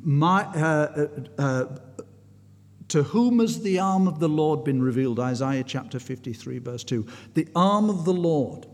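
This sermon comes from a man whose voice is on the high side, animated and a little slow. He tells his story earnestly, keeps restarting sentences, and grows more intense, all in a long, reverberant hall.

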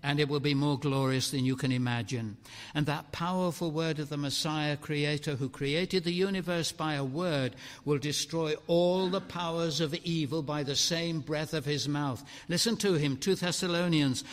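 A man preaching a sermon with dramatic swings between loud exclamations and hushed, slow phrases. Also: on the high side. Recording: long hall reverb.

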